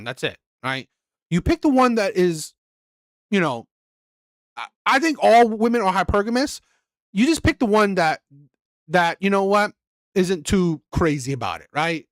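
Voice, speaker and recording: A man's voice: high voice, a bit bright, no room sound, studio quality. A man hosting a reaction channel, talking casually in a rambling way, repeating words and asking "right?" often.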